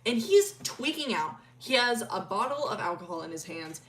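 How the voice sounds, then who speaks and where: A woman's voice: medium pitch, lively intonation, normal speed, sharp tone. A young woman streamer casually telling a story, crude and chatty, often laughing. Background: faint music.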